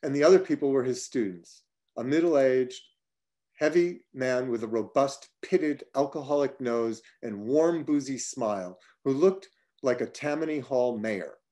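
A man reads his own travel writing aloud at a mid-range pitch. He takes his time, slowing down to savor long lists, and now and then drops into an offhand, chatty aside before going back to the text. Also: dark tone. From United States (upstate New York). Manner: measured reading, slowing on lists, with casual spoken asides. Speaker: writer reading his own work. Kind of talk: reading a personal travel essay aloud.

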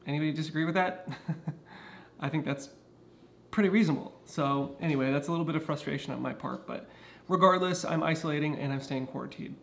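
Earnest man vlogging, gravelly voice. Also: fairly high pitch, a little fast, slight background noise. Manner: earnest, explanatory, with restarts. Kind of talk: casual talk to camera. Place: indoors at home.

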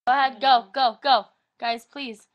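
A young woman chatting casually on a livestream, animated and jokey, fond of playing with accents. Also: high voice, moderate pace, dull audio, crowd noise. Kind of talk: casual group chat.

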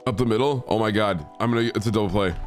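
A young man with a very deep voice and a stuffy head cold commentates his baseball video game in a loose, excitable way. He swears freely, mocks the players and shouts at the screen, with faint game music playing under him. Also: racing. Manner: excitable, profane, trash-talking the game. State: congested from a cold. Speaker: gaming streamer. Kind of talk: casual gameplay commentary.

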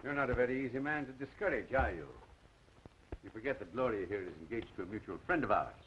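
An actor playing a stiff, indignant gentleman in a 1930s film. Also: medium pitch, animated, quick pace, natural voice. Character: stern, quarrelsome gentleman. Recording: dull 1930s film soundtrack, faint hiss.

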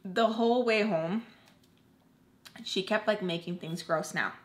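A young woman telling a personal story on her channel, candid and rambling, filling every pause with "like" and cutting her swears short. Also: mid-range voice. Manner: rambling, fills with "like" constantly; candid, emphatic, cuts off swears. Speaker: YouTube storyteller. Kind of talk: casual storytime.

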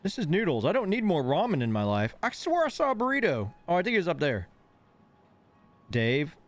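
A man's voice: fairly high pitch, huge pitch swings, a little fast. Rambling, giggly man streaming a game. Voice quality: slightly lisping from missing front teeth. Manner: rambling, easily distracted, giggly. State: on painkillers after dental work. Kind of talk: live gameplay commentary.

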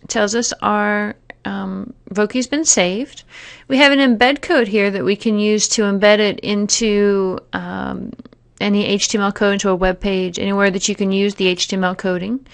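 Woman with a gravelly voice, explaining steps. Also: medium pitch, fairly even intonation, moderate pace. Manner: plain, step-by-step explaining with fillers. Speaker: teacher giving a software tutorial. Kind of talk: screen-recorded tutorial narration.

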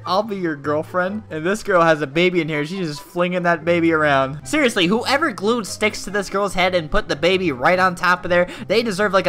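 A young man giving crude, excitable gameplay commentary, laughing often as he plays. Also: fairly high pitch. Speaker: gaming YouTuber.

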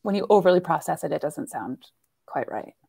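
Woman from Texas, chatty, lively pitch. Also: brisk, creaky, husky. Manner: chatty, laughs often. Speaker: comedian and audiobook narrator. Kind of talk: casual chat.

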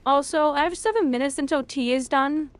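A young woman streaming a video game, reacting loudly, cursing and cheering at each moment of play. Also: high-pitched, fairly quick. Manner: excitable, swears a lot, reacts loudly to the game. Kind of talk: live gameplay commentary.

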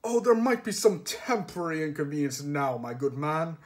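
A man's voice: fairly high pitch, big pitch swings, normal speed. A man voicing a pompous head wizard in a strangled, nasal voice. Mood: condescending. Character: pompous educated old male head wizard.

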